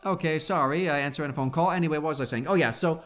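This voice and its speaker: A young man co-hosting a let's play, chatting casually in a rambling, halting way. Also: fairly high pitch, a bit bright, soft background music. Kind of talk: casual gameplay chat.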